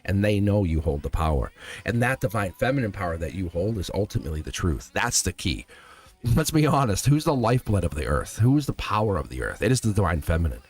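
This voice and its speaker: A man's voice: sits low, sing-song, quick pace. A man giving a live tarot reading, speaking earnestly and emphatically straight to the viewer. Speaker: tarot reader.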